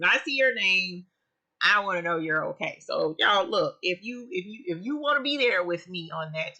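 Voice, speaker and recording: Bright-voiced woman hosting a live chat. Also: fairly low pitch, normal speed. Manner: expressive, chatty, greets viewers by name. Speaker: livestream host of an embroidery channel. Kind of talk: casual live chat with viewers.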